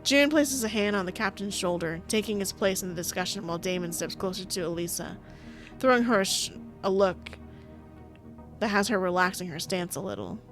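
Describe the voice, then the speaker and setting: A woman's voice: mid-range voice, brisk, faint music behind. A young woman reading a visual novel aloud and reacting in casual, profane, laughing commentary. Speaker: streamer playing a visual novel.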